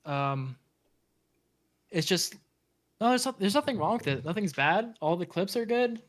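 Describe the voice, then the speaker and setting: Higher-voiced man, hesitant casual host. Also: animated, measured pace. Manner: hesitant, lots of fillers, repeats himself. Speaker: host reviewing video edits. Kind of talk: casual podcast chat.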